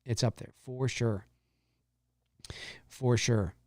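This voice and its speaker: A man's voice: fairly even intonation, darkish tone, no echo, studio quality. A man hosting a live-streamed talk show, chatting casually and reading viewer comments, rambling with many restarts and repeated phrases. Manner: drops into low, slow impressions and squeaky high mimicry.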